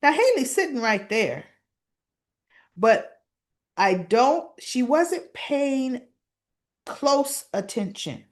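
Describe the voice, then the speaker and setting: A woman's voice: high voice, very animated, drawn-out words, pauses often. A woman casually retelling soap opera scenes in a chatty storytelling way, often asking "right?" as she goes. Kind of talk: casual recap chat.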